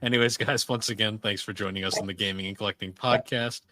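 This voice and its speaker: A man's voice: lowish voice, steady tone, fast, sharp tone, no echo. A man co-hosting a gaming podcast, telling a story in casual chat and reading the show's outro. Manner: rambling storyteller, laughs often. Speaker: podcast co-host.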